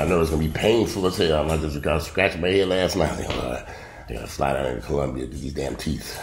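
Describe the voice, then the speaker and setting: A man's voice: extremely low pitch, very animated, fairly quick, a little hiss or hum. A man, rambling bluntly and profanely to camera in a casual vlog. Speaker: vlogger. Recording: roomy echo.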